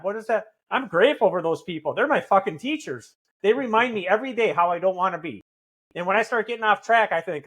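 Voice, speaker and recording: A man's voice: high voice, expressive, fast, fairly bright tone. A man talking as a podcast guest, blunt and earnest, swearing often in candid conversation. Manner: earnest, intense.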